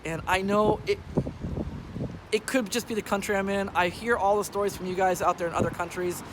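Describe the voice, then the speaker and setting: A man vlogging into his phone, hoarse from losing his voice and laughing often as he rambles on, frustrated. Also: sits high, fairly even intonation, brisk, noisy background. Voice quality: weak voice. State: hoarse, lost voice. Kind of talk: casual vlog talk to phone camera. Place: outdoors in the rain, then indoors. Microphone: phone held at arm's length.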